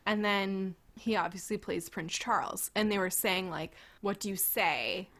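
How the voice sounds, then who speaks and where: A woman's voice: medium pitch, a little slow, fairly bright tone. A woman co-hosting a podcast, chatting casually, rambling through tangents and laughing often. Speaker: podcast co-host. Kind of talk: casual chat.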